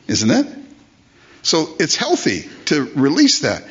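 A man's voice: on the high side, huge pitch swings, slow, fairly bright tone, slightly rough, muffled recording. An older man preaching a sermon as pastor, emphatic, repeating phrases and asking rhetorical questions.

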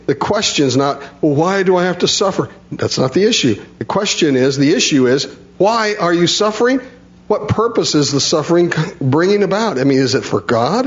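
A man's voice: mid-range voice, highs cut off. A man preaching a sermon, reading scripture and explaining it in a folksy way, often chuckling.

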